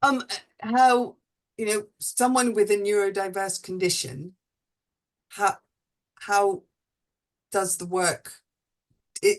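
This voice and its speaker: Hesitant woman hosting a panel talk. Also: fairly low pitch. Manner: halting, many restarts, laughs at herself. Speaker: host. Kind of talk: online panel discussion.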